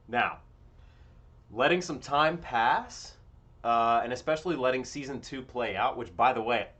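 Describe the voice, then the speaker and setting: Blunt, animated young man streaming. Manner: animated, blunt and profane, swings between loud outbursts and low mutters. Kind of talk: casual live-stream commentary.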